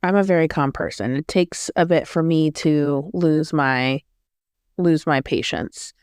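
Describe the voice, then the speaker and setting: Woman vlogger rambling thru a story, smooth lowish voice, self-correcting. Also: unhurried, darkish tone, no echo, clean studio sound. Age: adult. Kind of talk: casual storytelling.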